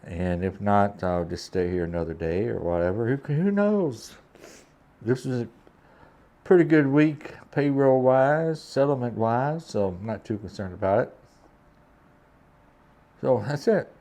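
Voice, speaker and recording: A man's voice: mid-range voice, animated, a little slow, pauses often, mellow. A truck driver telling a casual vlog story from a hotel room. He talks in an easygoing, rambling way and often drops in "man".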